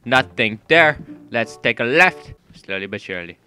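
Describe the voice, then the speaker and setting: A young man giving jumpy, profane commentary while playing a horror game, yelping and shouting when startled. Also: mid-range voice, animated, moderate pace, faint music behind. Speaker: gaming YouTuber. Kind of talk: horror let's-play commentary. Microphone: gaming mic with headphones.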